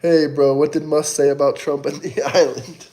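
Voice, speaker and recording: Man, livestream host, slightly high voice, taunting, casual chat, coughing. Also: fairly even intonation, normal speed, mellow. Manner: mocking, taunting. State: sweaty, coughing. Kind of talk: casual livestream chat reading super chats.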